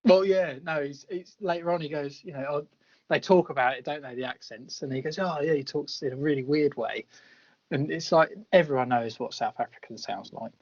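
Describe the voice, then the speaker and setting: A man's voice: fairly high pitch, brisk, a little mellow. A man co-hosting a casual film review podcast, easygoing and agreeable. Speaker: podcast co-host. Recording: lo-fi podcast audio.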